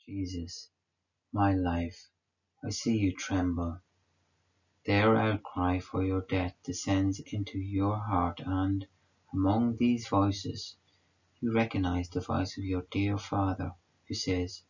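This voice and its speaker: Man, devotional meditation reading, prayerful, slow, gravelly. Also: sits low, little pitch movement, darkish tone. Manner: solemn, prayerful. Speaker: devotional reader. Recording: dull lo-fi recording.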